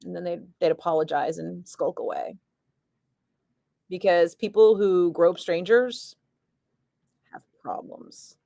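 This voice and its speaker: A woman's voice: fairly low pitch, a little slow, gravelly, warm tone, no room sound. A middle-aged woman, a radio DJ, chatting casually and bluntly with her stream viewers and answering their comments. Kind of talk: casual livestream chat.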